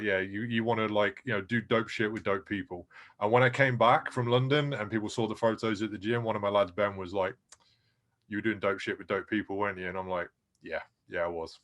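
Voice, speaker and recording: Low-voiced man in relaxed chat. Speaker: martial arts instructor. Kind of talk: casual chat.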